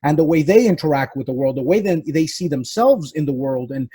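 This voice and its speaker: A man hosting a podcast conversation, his voice a little husky and pitched somewhat high. He talks reflectively, circling back and restarting as he searches for the words. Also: expressive, dark tone. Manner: reflective, halting, many restarts. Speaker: podcast host. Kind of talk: casual interview conversation. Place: South Florida.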